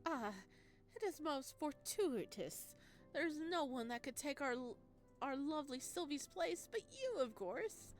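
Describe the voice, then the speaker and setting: A man's voice: very high-pitched, very animated, measured pace, faint music behind, pitched above the performer's own voice, exaggerated voice. Woman voicing a showy male restaurateur, faux-Italian accent, flowery, swooping voice, game dub. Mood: effusive. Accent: put-on vaguely Italian. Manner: grandiose, flowery and dramatic. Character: flamboyant grown male restaurant owner, effusive and theatrical.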